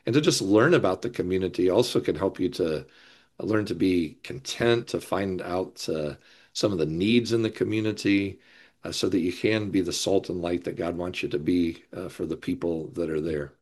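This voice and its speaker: A man who used to plant churches, speaking as a guest on a discussion panel in a thoughtful, unhurried way with gentle laughs. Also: low-pitched. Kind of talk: casual discussion.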